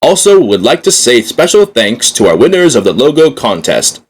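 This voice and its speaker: A man's voice: mid-range voice, sing-song, normal speed, breathy edge. A man hosting a scripted fan talk show with an upbeat announcer manner.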